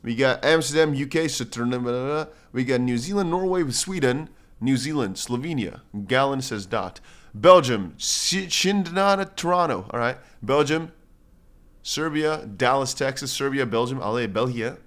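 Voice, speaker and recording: A man hosts a relaxed crypto livestream and talks off the cuff. He rambles from point to point in a slangy way, often calling his viewers bro or brother. He reads out their comments and answers them as he goes. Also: medium pitch, normal speed. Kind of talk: casual livestream chat.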